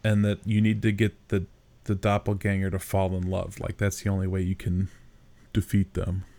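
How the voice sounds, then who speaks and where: A man's voice: low-pitched, completely flat delivery, moderate pace, vocal fry, dark tone. A man co-hosting a podcast, casually chiming in with details while the two recap a movie. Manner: conversational, chimes in with details. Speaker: podcast co-host.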